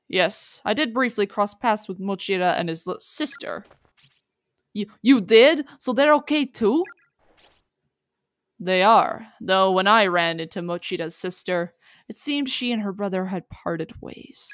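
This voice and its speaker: Woman voicing a polite, detached young man, measured, slow delivery, dry sound. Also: medium pitch, animated, fairly bright tone, no room sound. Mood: calm.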